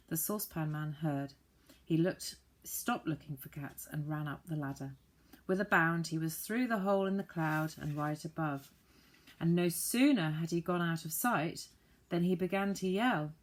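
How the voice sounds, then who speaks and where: A woman reads a children's book aloud in a low, deep voice. Her telling is lively and expressive, and she leans into every twist of the story. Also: measured pace. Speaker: audiobook reader.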